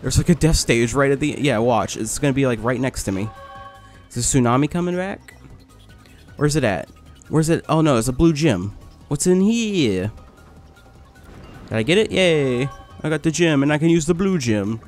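A man giving casual let's-play commentary, complaining, swearing and getting excited as he plays. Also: mid-range voice, brisk, soft background music. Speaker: gaming video host.

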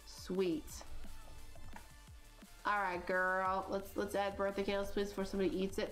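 A woman's voice: mid-range voice, normal speed, faint music behind. A woman in her thirties, hosting a gaming channel, chatting casually and rambling with lots of likes and you-knows as she plays. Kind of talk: casual chat while playing a life-sim game.

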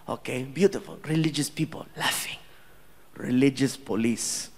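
A man in his thirties doing stand-up storytelling, animated and quick to jump into loud impressions. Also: high voice, long reverb tail, slight background noise. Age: 30s. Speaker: stand-up comedian.

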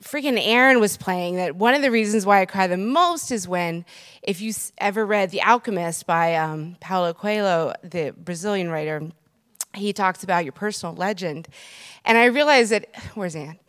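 A woman's voice: mid-range voice, moderate pace, a bit bright. A young woman giving a chatty, emotional tribute in a church, with slang and asides. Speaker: congregation member giving a tribute. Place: church sanctuary.

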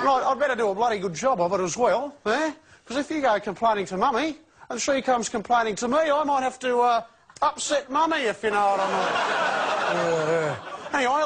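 An actor playing a crude, swearing Australian ex-convict who reads a children's story in a jovial yet menacing way, ending lines with a taunting "eh?". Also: male voice, very high-pitched. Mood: jovially menacing. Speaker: comedy sketch performer. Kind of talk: parody children's story reading. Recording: studio audience laughter and noise.

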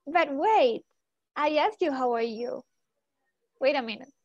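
A young woman teaches a lively English class, firing short questions at her students and explaining in Spanish now and then. Her voice sits high, and the recording is dry with little room sound. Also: a little slow, no echo, dull audio.

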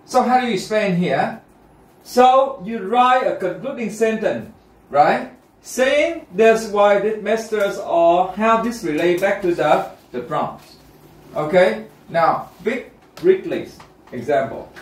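Roomy classroom teacher, higher male voice. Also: lively intonation, slow. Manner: checks in often with students, repetitive and encouraging. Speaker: English test teacher. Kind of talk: classroom lesson. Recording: roomy classroom, mic far off.

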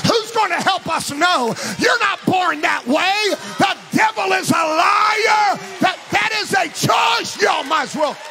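A pastor preaching a Pentecostal sermon in a church, shouting in a sing-song preaching cadence. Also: male voice, very high-pitched, lively intonation, takes it slowly, gravelly, hardly any pauses, a crowd in the background, background noise.

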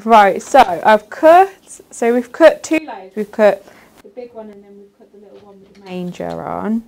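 Woman, soft voice, casual craft demo, easy laugh. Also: mid-range voice, very animated, normal speed, vocal fry. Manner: soft-spoken, laughs easily. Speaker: crafter demonstrating a card.

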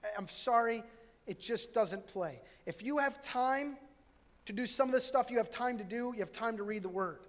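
A man's voice: very high-pitched, normal speed, fairly bright tone. A middle-aged man, a pastor, preaching a sermon in a conversational way, with restarts and self-deprecating jokes. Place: church sanctuary. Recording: reverberant hall.

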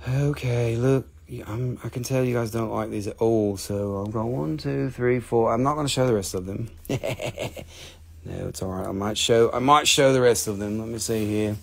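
A man's voice: medium pitch, moderate pace, gravelly. A man hosting a live stream, selling crystals and stones in a casual, joking, chatty way, sometimes swearing. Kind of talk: casual live sales chat.

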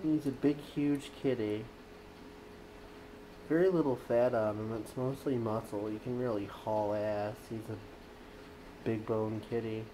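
Woman cooing and cussing at her cats at home, slow, faint background hiss. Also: rumbling low, fairly even intonation, dark tone, low-quality recording. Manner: teasing, coos and swears at the cats. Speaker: vlogger filming her cats. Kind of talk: casual talk to pets. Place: at home indoors.

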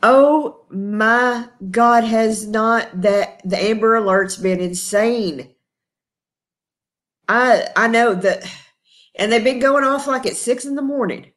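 A woman's voice: fairly high pitch, slow, fairly bright tone. A middle-aged woman with a Texan accent, chatting casually on a live stream, laughing often and greeting viewers by name. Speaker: host.

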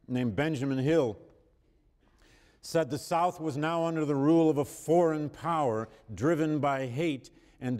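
A man's voice: medium pitch, a little mellow. A man giving a university history lecture, speaking emphatically, correcting himself as he goes and raising his voice for quoted passages, with an occasional cough. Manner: emphatic, reads quotations with rising force, self-correcting. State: coughing at times. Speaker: history professor. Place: large lecture hall. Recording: reverberant lecture hall.

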